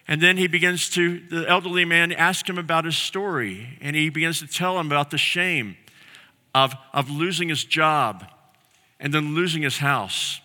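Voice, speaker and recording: A male pastor delivers a sermon with a sharp, bright and fairly high voice. He tells a story earnestly and slows down to lean on key phrases. A long reverb trails every line, as in a large hall.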